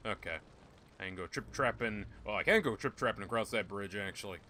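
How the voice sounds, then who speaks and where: Young dude rambling and swearing over a game, bright voice, jumps around a lot, faint noise behind. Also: male voice, lowish voice, animated, brisk. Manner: rambling, joking, profane, laughs a lot. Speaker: gaming YouTuber. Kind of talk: casual gameplay commentary.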